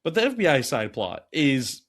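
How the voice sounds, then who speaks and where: A man co-hosting a casual movie podcast, rambling and animated, dropping into quick acted quotes. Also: medium pitch, crowd noise. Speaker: podcast co-host.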